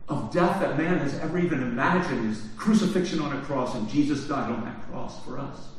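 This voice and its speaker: A man preaching a sermon, asking the congregation questions and swinging from hushed, low phrases to loud shouts. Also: animated, a little fast. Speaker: pastor. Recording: very echoey hall from far off.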